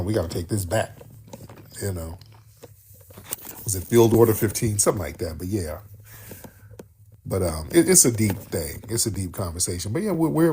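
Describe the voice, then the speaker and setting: A man's voice: lowish voice, slight background noise. A man hosting a call-in talk show, talking emphatically and repeating himself as he answers callers. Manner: emphatic, repetitive, animated on-air chatter. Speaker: radio show host taking callers.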